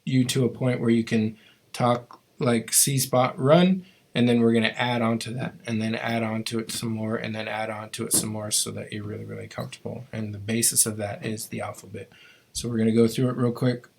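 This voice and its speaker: A man leads a live online language lesson in a flat, level voice that barely rises or falls. He explains each sound patiently and step by step. His pitch sits in a middle range for a man. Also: fairly quick, vocal fry. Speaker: language teacher.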